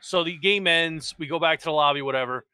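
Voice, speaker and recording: A man's voice: on the high side, a little fast, pushed and bright, clean tone, no room sound. A man hosting a casual podcast panel, telling stories animatedly and full of quoted dialogue. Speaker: podcast panel host and streamer.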